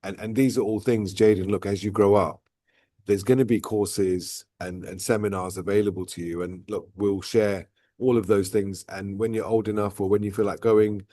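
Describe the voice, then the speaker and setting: A man's voice: on the low side, steady tone, moderate pace, dark tone, no room sound, clean studio sound. A man hosting a vlog, talking casually and at length, often tagging "right?" and "look" onto his points. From outside Dubai. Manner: rambling, repeats "right?" and "look". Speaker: vlog host. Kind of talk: casual reflective chat.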